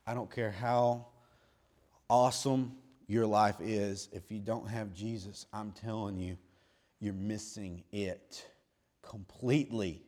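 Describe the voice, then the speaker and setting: Delivering a sermon, this middle-aged male preacher has a medium-pitched voice. His delivery drops to slow, hushed phrases before rising into loud hollering.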